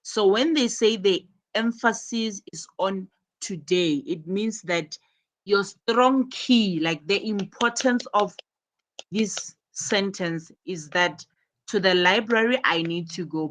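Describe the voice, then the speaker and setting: A woman's voice: medium pitch, slow, a bit bright. A woman teaching a live online English class over a video call, explaining patiently and working through repeated examples.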